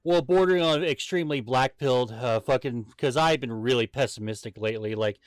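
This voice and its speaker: A man's voice: mid-range voice, a little fast, no echo, clean studio sound. A man hosting a podcast in casual chat, ranting and joking with heavy swearing. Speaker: podcast host.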